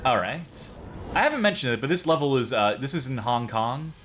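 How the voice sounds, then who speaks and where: A man's voice: medium pitch, animated, brisk, music in the background. A man co-hosting a game stream, chatting casually, swearing and rambling through complaints. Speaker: co-host playing the game. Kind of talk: casual gaming chat.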